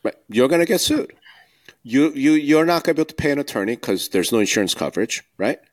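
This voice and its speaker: A podcast co-host with a mid-range, expressive voice talks fast in a casual discussion. He's blunt and emphatic, firing off rhetorical questions.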